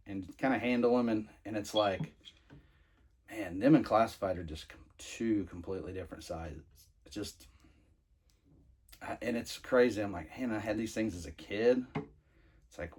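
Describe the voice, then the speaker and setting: A man's voice: on the low side, darkish tone. A man casually reviewing toys he is unboxing, rambling with many fillers and restarts. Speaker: toy reviewer.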